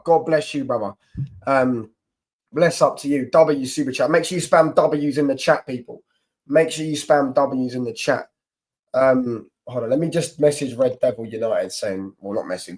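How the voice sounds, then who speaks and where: A man's voice: mid-range voice, rough recording. Slangy young streamer, man. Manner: slangy, excitable, shouts out viewers. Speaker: football livestream host. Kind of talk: casual livestream chat.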